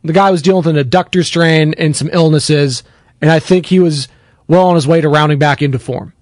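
A male sports radio host whose voice sits a bit high and swings up when he gets worked up. He talks bluntly and casually, as if on a pregame show. The studio sound is close and dry. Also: a little fast, dry recording. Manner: animated, blunt and conversational, reads viewer comments.

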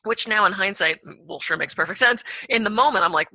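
A woman guest on a podcast, telling a personal anecdote in an animated way, acting out her own reactions with big jumps in pitch. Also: a little fast, hardly any pauses, dry recording. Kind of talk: storytelling anecdote.

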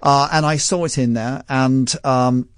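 A man with a posh southern English accent, a magician guest on a radio show, telling stories in an animated way and laughing often. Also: mid-range voice, unhurried, smooth, no room sound, studio quality. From London. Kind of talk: radio interview.

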